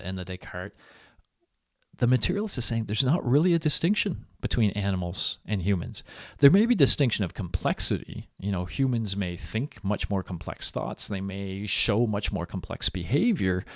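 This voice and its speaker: A man's voice: fairly low pitch, lively intonation, moderate pace, no room sound, studio quality. A man giving a recorded university lecture in a conversational, explaining way.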